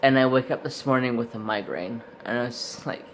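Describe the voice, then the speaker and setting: A man's voice: medium pitch, steady tone, fairly quick, few pauses, slight background noise. A man hosting a casual craft unboxing vlog, chatty and rambling with lots of fillers and self-corrections, his voice a little stuffy as he recovers from being sick. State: slightly stuffy, recovering from illness. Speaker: craft channel host.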